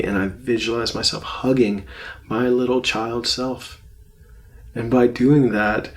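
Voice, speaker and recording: In a self-help course on anxiety, the male instructor talks in a medium pitch with a soft, reflective manner, frequently repeating phrases to drive points home.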